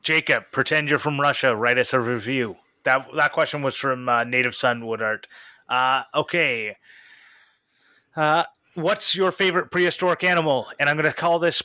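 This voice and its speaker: A man's voice: fairly high pitch, fairly even intonation, normal speed, sharp tone, no room sound, studio quality. A young man hosting a casual podcast chat, rambling a little as he reads out listener questions. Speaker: podcast host.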